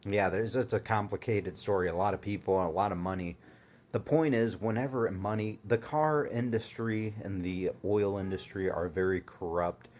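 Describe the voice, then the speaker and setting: A man's voice: lowish voice, normal speed, darkish tone. A man casually telling a story to camera, rambling with lots of fillers and swearing.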